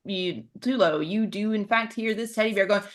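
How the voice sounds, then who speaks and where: A woman's voice: medium pitch, normal speed. A woman narrating a horror tabletop game as game master, casual and chatty. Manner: casual, chatty, laughs easily.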